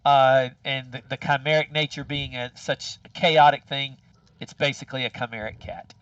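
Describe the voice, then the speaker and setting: A man narrating as game master of a tabletop game, relaxed and full of fillers. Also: mid-range voice, normal speed, clean tone, no room sound, recorded from a distance, highs cut off.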